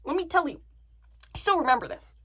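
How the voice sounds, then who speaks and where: A woman vlogger telling a story to the camera in a chatty, animated way. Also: high-pitched, fairly quick. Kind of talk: casual story time.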